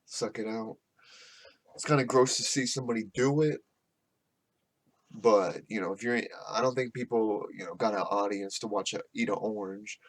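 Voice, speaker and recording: A man's voice: lowish voice, normal speed. A man hosting a podcast, rambling casually and swearing a lot, with frequent laughs. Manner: profane, rambling, laughs often. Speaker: podcast host. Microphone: podcast microphone.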